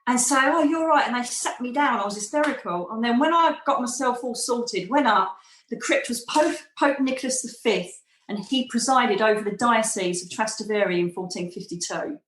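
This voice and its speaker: A woman's voice: a little high, moderate pace, fairly bright tone, reverberant, slight background noise, rough recording. A middle-aged woman, a podcast guest, telling a personal story animatedly and acting out quoted voices. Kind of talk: storytelling in an interview.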